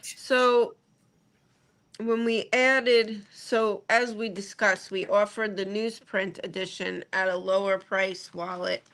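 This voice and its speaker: Woman, co-host, casual chat, measured explaining, mid pitch. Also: steady tone, fairly bright tone. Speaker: co-host handling crowdfunding. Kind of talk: casual live-stream chat.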